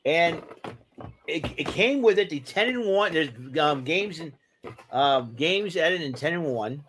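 A man with a voice on the high side, animated and a bit bright, co-hosts a podcast in casual, rambling chat, enthusiastically showing off a gadget with many fillers. He talks a little slowly, and there's a little hiss or hum.

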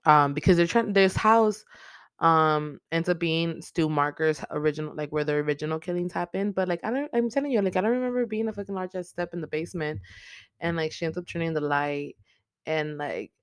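Smooth, dry-voiced casual movie recapper. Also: medium pitch, no echo. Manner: profane, chatty, slangy storytelling; acts out characters' lines in quick voices.

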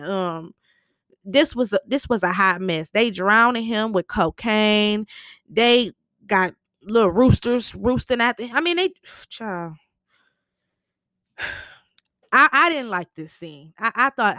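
A woman's voice: mid-range voice, fairly bright tone, no room sound, studio quality. A woman casually recapping a TV episode, telling it in a chatty, slangy way with lots of fillers.

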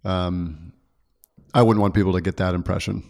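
Low-voiced earnest preacher man. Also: fairly even intonation, moderate pace, vocal fry, a little mellow. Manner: earnest, self-correcting, laughs easily. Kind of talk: casual church podcast chat.

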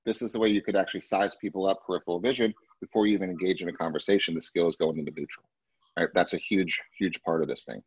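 A husky, low-pitched man leads a sales training class, stressing his points and slipping into a higher voice when he quotes clients. The sound is dry and dull, like a lo-fi video call. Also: steady tone, fast, no room sound. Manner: emphatic, acts out client quotes in a much higher voice. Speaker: real estate sales trainer.

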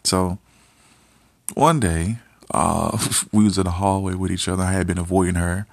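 A man with a very low, gravelly voice tells a personal story in a relaxed, rambling way. He sounds close and dry, with no room echo, as if talking straight into the camera. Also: normal speed. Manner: laid-back, rambling, with lots of "you know" and "like". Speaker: host.

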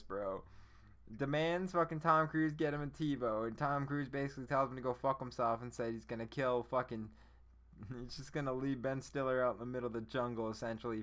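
A young man hosting a podcast, chatting loosely about a movie with frequent swearing and bursts of laughter. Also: mid-range voice. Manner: excitable, profane, laughing bursts. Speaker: podcast host. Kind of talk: casual movie chat.

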